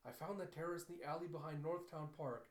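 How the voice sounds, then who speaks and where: A man voicing a polite, gentle young housewife with a soft, apologetic manner, pitched a little higher than his own voice. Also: fast, natural voice. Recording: echoey room.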